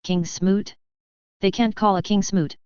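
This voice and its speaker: A woman's voice: mid-range voice, a little slow, clear, resonant tone, no room sound, highs cut off, lightly acted. Woman voicing a sarcastic raider princess. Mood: curt. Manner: dry, flat, sarcastic.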